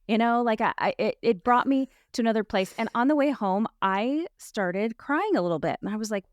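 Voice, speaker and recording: A woman's voice: on the high side, expressive, a little fast, hardly any pauses, no echo. Candid woman host, dry close sound. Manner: candid, reflective storytelling with frequent restarts. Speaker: life coach and podcast host. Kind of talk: casual chat.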